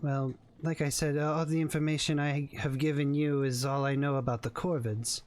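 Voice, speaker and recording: A man's voice: on the high side, level tone, moderate pace, lightly acted. A man voicing a nervous, secretive male informant who confides what he knows in a hesitant, stumbling way. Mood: confiding.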